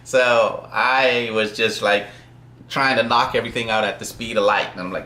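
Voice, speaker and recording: A man who works as a software developer tells a work story in a loose, rambling way, with many fillers and small chuckles. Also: mid-range voice, fairly even intonation, normal speed, echoey room. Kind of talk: casual storytelling.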